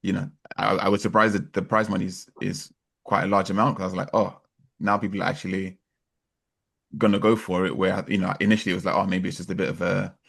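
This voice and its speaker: A man's voice: on the low side, vocal fry, fairly bright tone, breathy edge. A man co-hosting a casual podcast, talking in a rambling, hesitant way and repeating words. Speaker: podcast co-host. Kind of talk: casual chat.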